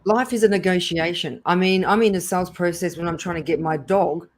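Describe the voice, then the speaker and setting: A woman's voice: on the low side, a little fast. Emphatic woman guest on a call. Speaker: podcast guest, sales consultant. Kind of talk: casual chat.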